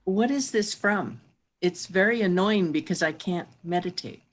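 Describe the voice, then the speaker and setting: A woman's voice: on the low side, a little slow. A woman on a webinar call, hesitantly describing a frustrating problem. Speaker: webinar participant asking a question.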